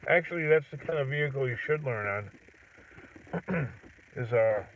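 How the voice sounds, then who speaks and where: A middle-aged man chatting casually on a livestream, rambling, clearing his throat and chuckling as he talks from his truck. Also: medium pitch, animated, normal speed, far from the mic. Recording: tinny phone-like audio from off-mic.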